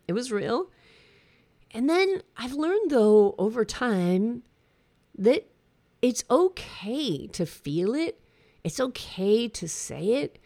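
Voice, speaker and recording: A woman's voice: mid-range voice, creaky, a little mellow. A middle-aged woman hosting a podcast, speaking frankly and reflectively in a conversational way. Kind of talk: candid personal talk.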